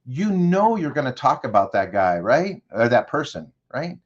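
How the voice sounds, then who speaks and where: Speaking at a normal speed, this medium-pitched man is very animated, and the sound is lo-fi. He's a guest consultant in an interview, using guided storytelling to walk the host through a made-up scenario while prompting with direct questions.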